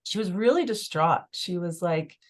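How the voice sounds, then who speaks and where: A woman's voice: on the low side, expressive, normal speed. A woman telling a personal story as a podcast guest in casual conversation, emotional and full of "like" fillers. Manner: emotional, filler-heavy, lots of "like".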